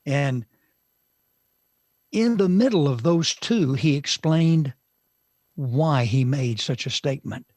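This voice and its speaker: A man teaching from the Bible on a talk show, slow and emphatic, with dramatic pauses and sudden shifts in loudness. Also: medium pitch, expressive, dry recording, studio quality.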